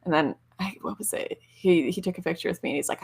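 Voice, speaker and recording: A Canadian-accented woman chats as a guest on a casual livestream interview, laughing readily and filling her speech with lots of "likes." Her voice sits on the low side, with vocal fry and a breathy edge.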